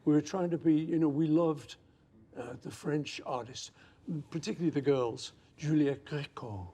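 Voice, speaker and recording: A man in his seventies, appearing as an interview guest, reminisces in conversation, telling anecdotes and acting out old quotes with lively asides. His voice is fairly high and slightly rough, at a moderate pace.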